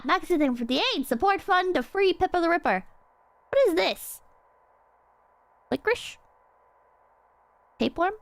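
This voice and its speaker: A woman streaming a horror game, chatting excitably and rambling, swearing freely as she plays. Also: sits high, no room sound. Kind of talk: casual game stream chat.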